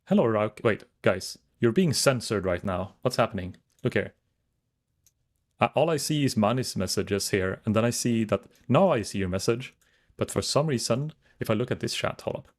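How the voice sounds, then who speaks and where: A man's voice: fairly low pitch, animated, normal speed. A man chatting casually to his viewers while streaming a game, rambling as he browses and reads chat.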